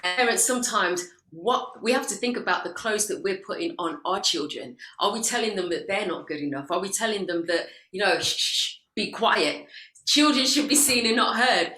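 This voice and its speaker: A woman's voice: mid-range voice, fairly quick, hardly any pauses, bright, forceful tone, echoey room, rough recording. A woman guest speaker giving an earnest motivational talk on a video call, speaking straight to parents. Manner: earnest, preachy, addresses parents directly.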